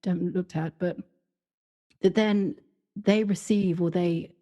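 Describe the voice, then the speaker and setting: A woman's voice: lowish voice, fairly even intonation, slow, dark tone. A woman, co-hosting a podcast in casual, reflective conversation and telling stories with frequent laughter. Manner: reflective, storytelling, laughs often. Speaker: podcast co-host.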